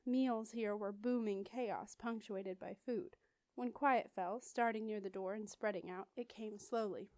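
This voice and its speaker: Clear-voiced woman reading a novel aloud. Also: on the high side, a little mellow, dry recording. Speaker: audiobook reader. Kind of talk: audiobook narration.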